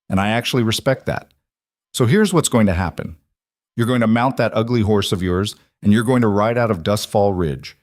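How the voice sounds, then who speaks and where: Taunting outlaw leader, read by a man, low voice, dry close sound. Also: a little mellow, no room sound, close to an everyday voice. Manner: taunting, menacing drawl. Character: ruthless male outlaw gang leader, mocking. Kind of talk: audiobook story narration.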